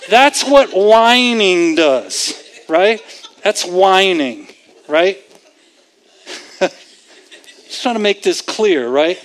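A man's voice: high voice, animated, extremely slow, pauses often, a bit bright, a faint crowd. A man preaching a sermon, emphatic and repetitive, asking rhetorical questions and chuckling at his own points.

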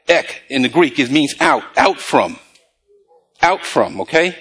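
A male preacher giving a sermon, quizzing the congregation with call-and-response questions and reading scripture slowly. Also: on the high side, lively intonation, fairly bright tone, slightly rough.

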